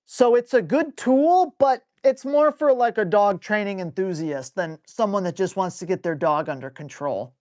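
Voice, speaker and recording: A man's voice: high voice, normal speed, hardly any pauses, darkish tone, no echo, studio quality. Blunt, casual man answering dog-training questions live. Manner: blunt, casual, salty language; reads viewer questions aloud and answers them. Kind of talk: live stream Q&A.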